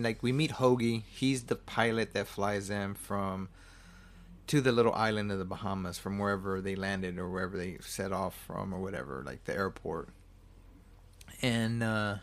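A man casually recapping a film plot, rambling, swearing freely and often correcting himself. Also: on the low side. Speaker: movie reviewer.

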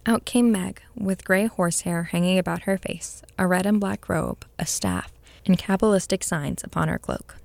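Brief: woman storybook narrator, measured and expressive, gravelly low voice, dry close mic. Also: dry recording.

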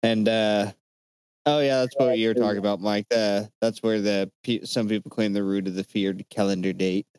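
A man with a low, smooth, resonant voice recorded dry and close. He co-hosts a casual podcast and retells history in a loose, profane way, full of fillers. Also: steady tone, normal speed, a little mellow, dry recording. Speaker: podcast co-host presenting the research. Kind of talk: casual chat.

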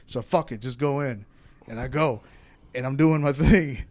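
A man's voice: mid-range voice, normal speed, darkish tone. A young man casually telling a rambling, candid personal story in a podcast chat, acting out what people said.

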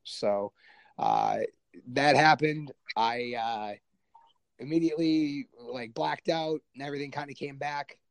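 A man's voice: medium pitch, sing-song, a little slow, gravelly, no echo. A man, a military veteran, tells his story in a casual, self-deprecating way with lots of fillers. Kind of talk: conversational storytelling.

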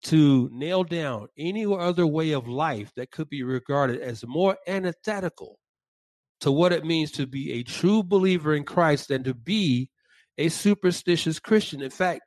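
A man co-hosting a Christian podcast, speaking in a measured, deliberate way and reading quotations slowly. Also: on the high side, no room sound. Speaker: podcast co-host.

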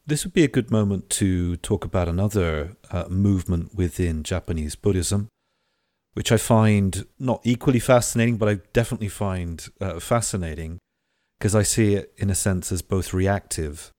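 A man hosting a conversational interview, speaking thoughtfully and pausing on fillers. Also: low-pitched, darkish tone, no room sound, studio quality. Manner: thoughtful, hesitant with many fillers.

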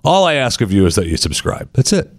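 A man's voice: mid-range voice, very animated, fast talker, dry recording, studio quality. A man hosting a talk podcast, rambling and sarcastic as he banters with his co-host. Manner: sarcastic, rambling, mock-pleading. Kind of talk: casual talk show banter.

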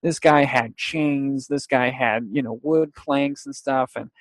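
A man's voice: mid-range voice, takes it slowly, no echo. A young man telling a long casual story with restarts and quotes, in a dry, close recording. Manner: rambling, with restarts, laughs and acted-out quotes.

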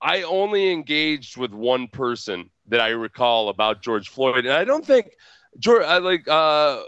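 A man's voice: mid-range voice, big pitch swings, measured pace, a bit bright, clear, resonant tone, no room sound. Chuckling male guest on a muffled line. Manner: chuckling, self-deprecating, rambling. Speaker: guest, radio host. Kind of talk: casual podcast chat.

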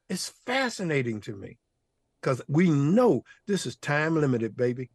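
A man's voice: on the high side, big pitch swings, a little slow, husky, no echo, clean studio sound. An older man, a guest author, telling stories with exuberant energy, laughing often and using playful slang. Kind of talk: animated storytelling interview.

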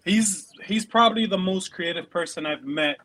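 Male podcast guest, high voice, quick eager delivery, repeats himself. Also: a bit bright, poor audio. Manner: enthusiastic, rapid, repeats words while thinking. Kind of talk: casual podcast chat.

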